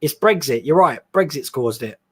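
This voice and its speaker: Man, high-pitched voice, casual live-stream host, chatty and laughing, reads chat aloud. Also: animated, normal speed, a bit bright, breathy edge. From England. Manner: chatty, laughs often, reads out chat questions then answers.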